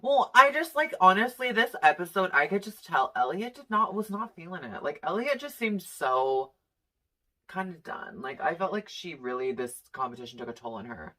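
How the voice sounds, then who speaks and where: A guest in a casual chat, gossipy and slangy, dropping into quick impressions. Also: mid-range voice, sing-song, pushed and bright.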